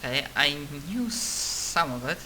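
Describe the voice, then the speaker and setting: A man's voice: fairly high pitch, sing-song, a little slow, pushed and bright, a little hiss or hum, low-quality recording. A man playing a tabletop role-play over voice chat, hesitant and searching for words.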